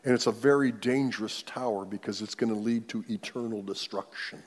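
A man preaching a sermon, moving between loud declarations and hushed near-whispers. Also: fairly low pitch, brisk, in a large hall. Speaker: pastor.

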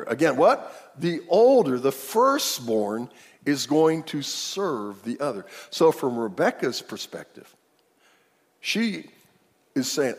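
A male pastor telling a story in a sermon, animated and acting out the characters. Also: medium pitch, slow pace, husky. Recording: long hall reverb.

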